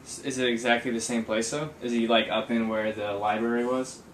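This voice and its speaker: A friend with a sore, raspy voice bantering crudely about a video game. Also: medium pitch, steady tone, fairly quick, a little hiss or hum. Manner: playful banter, crude jokes. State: strained, sore voice. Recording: echoey room, voice from off-mic.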